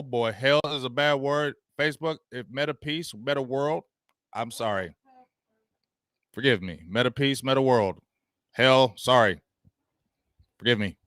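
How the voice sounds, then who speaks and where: Male host, heated mocking sports rant, bright forceful tone, close dry mic. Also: medium pitch, a little slow, long pauses, no room sound. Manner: heated, mocking, barking dog noises, slangy. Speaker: show host.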